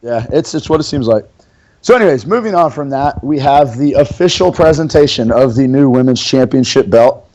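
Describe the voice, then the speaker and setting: A man's voice: mid-range voice, lively intonation, normal speed, darkish tone, muffled recording. A man co-hosting a podcast in casual chat, rambling and swearing in loose fan banter. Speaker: podcast co-host.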